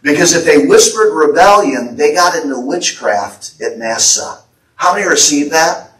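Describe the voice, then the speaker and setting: A man's voice: a little high, lively intonation, moderate pace, fairly bright tone. A man with an American accent preaching a fervent sermon and relaying prophetic words as the pastor. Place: church sanctuary. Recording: echoey church hall, voice from a distance.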